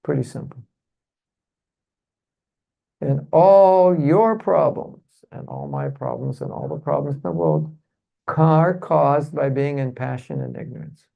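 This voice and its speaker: In a temple hall before an audience, a man teaches a devotional seminar in a slightly high, creaky voice at a slow pace, and the recording is muffled. He keeps asking rhetorical questions like "isn't it?" and leads the room in call-and-response, having them repeat phrases.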